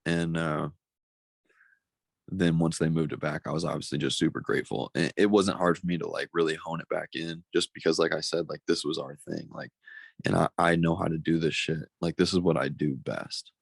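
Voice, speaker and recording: A man's voice: rumbling low, little pitch movement, fairly quick, creaky, dry recording. A young man from Missouri, a pro fighter, talking candidly in an interview, blunt and profane, getting emotional. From Missouri, United States. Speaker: pro MMA fighter, guest.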